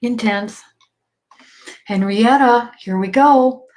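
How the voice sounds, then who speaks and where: A woman's voice: fairly high pitch, slow, a little mellow. A woman medium talks in a loose, conversational way on a livestream. She fills her sentences with ums and likes, and she laughs easily between thoughts. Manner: chatty, laughs often, many fillers. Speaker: psychic medium. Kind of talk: casual livestream reading.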